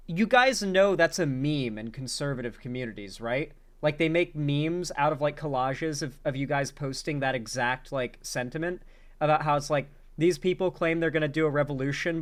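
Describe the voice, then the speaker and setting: A man's voice: on the high side, fairly bright tone. A man reacting to comedy clips as a commentary host, talking bluntly and profanely with frequent incredulous outbursts.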